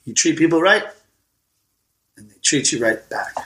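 A man's voice: fairly high pitch, animated, normal speed, sharp tone. A man hosting a podcast, bantering crudely and bluntly with a co-host. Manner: profane, joking, blunt. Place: hotel suite. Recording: echoey room.

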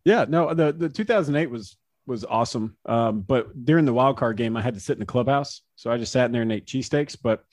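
A man who pitched professionally, telling casual anecdotes in an interview, acting out quotes and laughing often. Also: a little fast, a little mellow, no room sound. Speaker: former baseball pitcher, guest.

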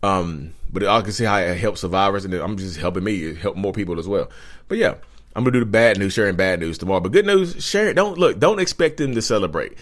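Animated man giving casual advice, drawls y'all. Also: sits low, fast talker. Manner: animated, repetitive, addresses viewers as y'all. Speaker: channel host. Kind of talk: casual direct-to-camera advice vlog.

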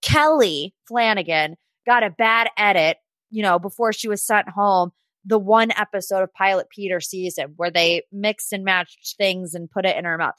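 A woman's voice: mid-range voice, moderate pace, fairly bright tone, dry recording. A woman hosting a casual reality TV recap, sassy and gossipy, chatty and full of "like". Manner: sassy and gossipy, talks straight to people she discusses; chatty, with frequent "like" and laughs. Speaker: podcast host.

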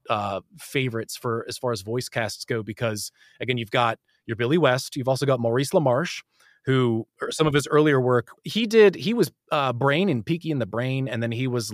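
A man's voice: mid-range voice, moderate pace, dry recording, clean studio sound. A man chatting casually about voice actors, rambling, with many restarts and fillers. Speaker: podcast guest. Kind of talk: casual chat.

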